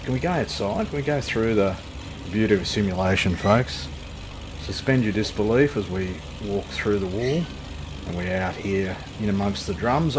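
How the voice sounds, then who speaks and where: With background noise behind him, an Australian man hosts a flight simulator channel in a fairly low voice at a moderate pace. He chats casually and cracks self-deprecating jokes as he plays.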